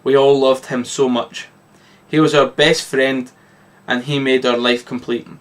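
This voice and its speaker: A man's voice: medium pitch, little pitch movement, measured pace, far from the mic, natural voice. Brief: earnest young cartoon leader, storybook read, a man voicing him. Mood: sad. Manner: plain read-aloud delivery.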